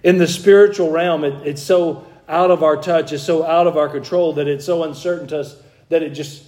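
A man's voice: a little high, fairly even intonation, moderate pace, darkish tone. A man preaching a sermon in an earnest, emphatic way, restarting phrases and pressing key points. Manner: earnest, emphatic, with frequent restarts and rising stresses.

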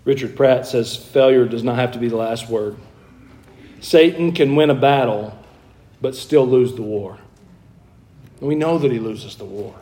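With a mellow, medium-pitched voice, a preacher moves at a measured pace broken by long pauses. His sermon is earnest and forceful, full of restarted phrases and key points pressed home with rising stress.

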